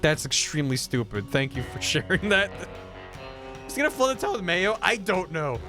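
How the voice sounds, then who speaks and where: Young guy streaming a game, goofy and hyped, slightly high voice, faint music behind. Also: very animated, normal speed.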